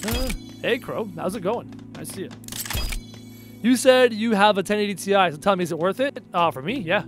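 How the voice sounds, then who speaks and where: Canadian guy streaming a game, kinda high voice, sarcastic chatty banter, faint music behind. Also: lively intonation, normal speed. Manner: chatty and sarcastic, answers chat aloud. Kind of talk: casual live-stream chat while gaming.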